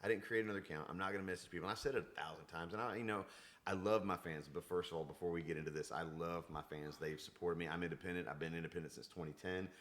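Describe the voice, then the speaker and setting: Guy, really low voice, talks quick, tells stories and acts out the other people. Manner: animated storyteller, acts out quoted exchanges. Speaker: guest, independent country singer. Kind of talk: casual podcast chat.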